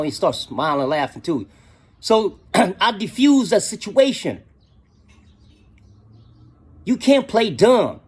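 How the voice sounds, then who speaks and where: A middle-aged man tells a story in a loose, slangy way, with "you know what I'm saying" after nearly every thought. His voice sits high for a man and has a husky edge. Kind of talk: casual storytelling.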